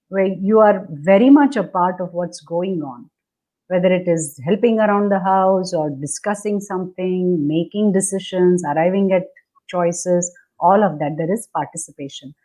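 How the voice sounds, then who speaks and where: Her voice is warm and on the low side, with a moderate pace. Coaching someone on relationships over video, she lays out steps one at a time and acts out the attitudes she means.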